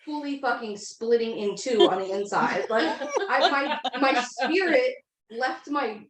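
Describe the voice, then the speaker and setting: A woman's voice: high-pitched, measured pace, echoey room, poor audio. A woman co-hosting a podcast, telling stories in casual chat, laughing often and swearing freely. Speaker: podcast co-host.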